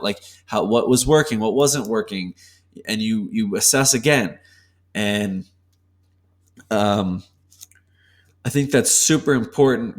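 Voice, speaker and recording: A man of ordinary pitch co-hosts a casual podcast. He explains his ideas earnestly and at length, often restarting his sentences mid-thought. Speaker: podcast co-host.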